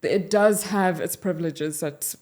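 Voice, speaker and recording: A South African woman co-hosting a podcast in a candid, conversational way. Her voice sits a little low. She talks with frank, measured openness about what she has lived through. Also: a little mellow. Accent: South African English. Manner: frank and measured, speaking from personal experience. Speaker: podcast co-host.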